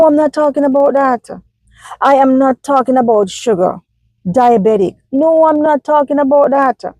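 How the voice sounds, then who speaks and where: A woman's voice: a little high, mellow, no echo, low-quality recording. A Jamaican woman vlogging from inside a car, phone held in her hand, talking emphatically with lots of fillers and repeats. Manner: emphatic, repetitive, many fillers. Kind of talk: casual vlog talk.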